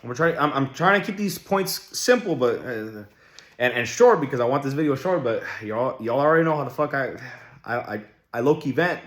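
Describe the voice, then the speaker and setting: A young man talking straight to the camera in a casual vlog, blunt and heavy on profanity. His pitch swings widely as he hammers home his points with questions. The sound carries a roomy echo. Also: animated, moderate pace, a bit bright. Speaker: vlogger. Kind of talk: casual relationship-advice vlog. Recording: echoey room.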